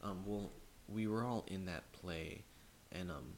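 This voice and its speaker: A man's voice: deep voice, unhurried, a little hiss or hum. A man co-hosting a podcast in casual chat, telling rambling stories with lots of fillers. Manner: rambling storyteller, many fillers. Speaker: podcast co-host.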